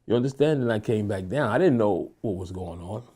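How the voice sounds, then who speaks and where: A man's voice: lowish voice, expressive, a little fast, breathy edge. Casual man telling a personal story. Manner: casual storyteller, acts out quotes loudly. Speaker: interviewee.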